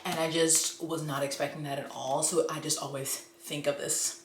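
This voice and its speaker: A woman chatting casually and excitedly about books she loves, acting out her own reactions. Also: low voice, fairly quick. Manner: gushing, animated, quotes her own reactions. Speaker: book vlogger. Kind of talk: casual book review chat. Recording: echoey room with faint noise.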